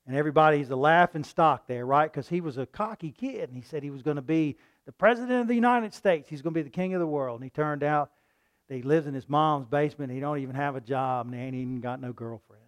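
Male preacher, sermon, slightly high voice, folksy, animated, acts out voices. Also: fast. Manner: animated, acts out mocking crowds in loud voices; folksy, asks the listeners "right?".

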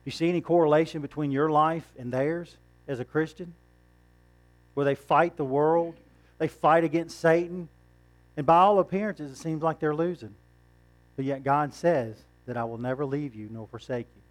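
A man's voice: a little high, normal speed, faint music behind. A man preaching a sermon in a conversational way, asking rhetorical questions and chuckling now and then.

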